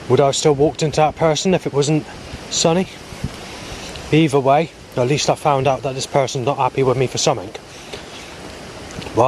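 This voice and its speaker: A man's voice: medium pitch, a little mellow, a little hiss or hum. A man talking to camera outdoors in a rambling video diary, hesitant, often restarting and repeating himself. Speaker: vlogger.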